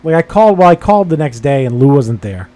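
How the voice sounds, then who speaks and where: Mellow-voiced man ranting casually. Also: a little high, very animated, fast. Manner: profane, exasperated storytelling with quoted dialogue. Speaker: podcast host. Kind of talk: casual chat. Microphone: studio microphone.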